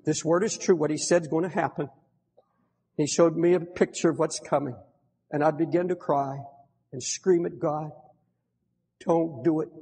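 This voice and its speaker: A fervent male preacher with a high, husky voice. He moves between impassioned, pleading outbursts and low, grave passages. His words ring out with a long reverb, as in a large church sanctuary. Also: fairly even intonation, moderate pace. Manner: fervent, swinging between pleading cries and hushed, grave tones. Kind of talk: impassioned sermon.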